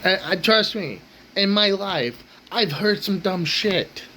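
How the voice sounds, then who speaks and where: A man's voice: high-pitched, lively intonation, takes it slowly, bright, forceful tone, a little hiss or hum, rough recording. A man hosting his own rant channel, talking bluntly and swearing constantly in an angry rant.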